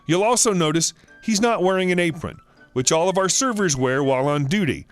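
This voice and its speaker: A man voicing a polite, measured male restaurant manager who stays firm. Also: sits high, expressive, faint music behind.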